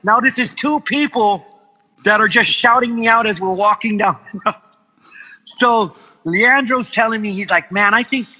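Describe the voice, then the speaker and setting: A man from Guam, a podcast guest, telling animated stories in casual chat, swearing freely and acting out the voices of people he quotes. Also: sits high, measured pace, big-room sound, poor audio.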